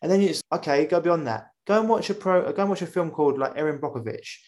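A man hosting a podcast interview, talking in a rambling, animated way and often acting out the voices of people he quotes. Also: a little high, fast. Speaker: podcast host. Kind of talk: casual conversational interview.

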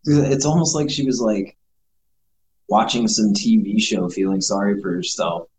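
A man's voice: lowish voice, measured pace, a little mellow, a little hiss or hum, low-quality recording. A man chatting casually as a co-host, loose and slangy with lots of fillers. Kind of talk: casual chat.

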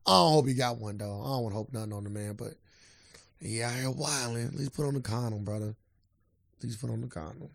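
A man's voice: medium pitch, fast, gravelly, dry recording. A man co-hosting a podcast in casual chat, teasing his partner and joking around. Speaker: podcast co-host.

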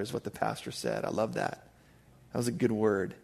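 A man's voice: lowish voice, big pitch swings, normal speed, vocal fry, a little mellow. A male pastor giving a conversational sermon, emphatic with frequent asides to the congregation.

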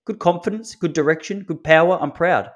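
Brisk and fairly high-pitched, this man in his 30s delivers a solo comedic podcast monologue. As host, he tells stories in a laid-back manner and chuckles at his own jokes.

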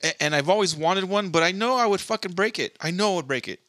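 A man's voice: sits high, fast talker, sharp tone, dry recording. A man co-hosting a podcast, laid-back and profane, asking questions and chiming in during casual chat. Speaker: podcast co-host.

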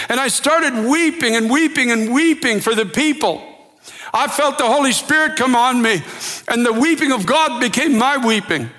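A man preaching a sermon with impassioned delivery that builds to shouting. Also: extremely high pitch, expressive, moderate pace, long reverb tail.

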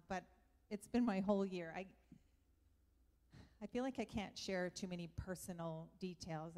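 A woman shares an earnest testimony to a church group, pausing and hesitant as she goes. Her voice sits a little low. The long reverb of a large hall surrounds it. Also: a little mellow.

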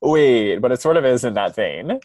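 A man's voice: mid-range voice, sing-song, normal speed, a little mellow, slight background noise. A man hosting a podcast in casual chat, gushing and full of fillers. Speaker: podcast host.

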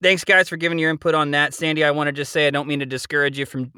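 A man in casual podcast chat with a bright, forward tone. He talks in an easygoing, encouraging way, full of ums and uhs. The sound is dry and close, with no room around it. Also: a little high, flat delivery, rapid-fire, clear, resonant tone, dry recording. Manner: easygoing, encouraging, many fillers. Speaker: podcast co-host.

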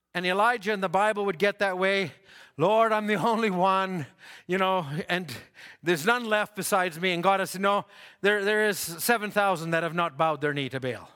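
Preacher, male, bright forceful tone, folksy pulpit delivery in a reverberant sanctuary. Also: high voice. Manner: folksy, repeats himself, laughs at own stories. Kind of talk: sermon.

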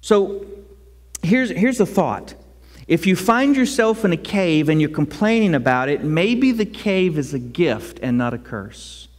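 A man preaching a sermon as pastor, conversational and animated, acting out prayers out loud. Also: on the high side, unhurried. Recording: long reverb of a large hall.

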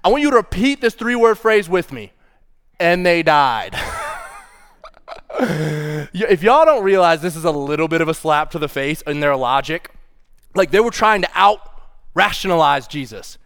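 A young adult man preaching a sermon, reading scripture with feeling and playful, animated asides. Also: fairly high pitch, moderate pace, clear, resonant tone. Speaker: pastor.

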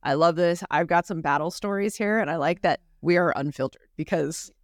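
A woman co-hosting a podcast in casual chat, talking very fast and laughing often. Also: on the low side, no echo, studio quality. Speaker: podcast co-host.

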